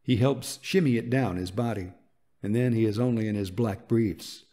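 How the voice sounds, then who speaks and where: A man narrates a romance audiobook in a soft, intimate and unhurried way. His voice sits fairly low, and the tone is dark and mellow.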